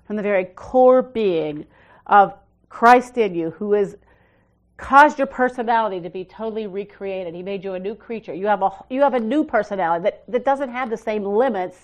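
Preaching a loose, conversational sermon at normal speed, a middle-aged woman pastor presses hard on her main points, then drops to a quiet, low voice for personal asides. She often restarts sentences partway through while working out what to say.

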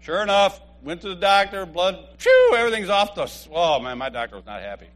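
A man in his fifties giving a humorous church testimony, an animated storyteller who laughs often. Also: high voice, a little fast.

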